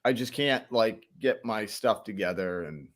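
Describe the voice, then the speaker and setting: A man's voice: on the low side, expressive, measured pace. Laid-back man, casual co-host. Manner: laid-back, says dude and man a lot. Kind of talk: casual chat.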